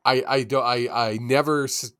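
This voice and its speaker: A man's voice: medium pitch, steady tone, moderate pace, a bit bright, smooth, dry recording, studio quality. A man co-hosting a sports podcast, talking casually with teasing banter. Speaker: podcast co-host.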